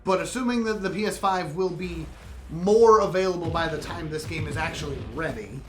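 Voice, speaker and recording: A young man chats casually while playing a co-op game, excitable and quick to laugh. His voice sits fairly high for a man. He talks like a gaming co-host hanging out with a friend. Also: faint music behind. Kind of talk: casual chat during co-op gameplay.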